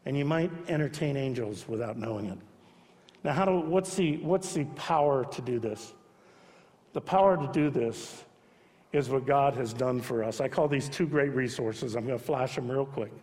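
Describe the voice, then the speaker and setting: Impassioned pastor in a reverberant hall. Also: male voice, mid-range voice, normal speed. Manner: emphatic, swings between loud urging and soft hushed repetition. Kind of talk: sermon. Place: church sanctuary.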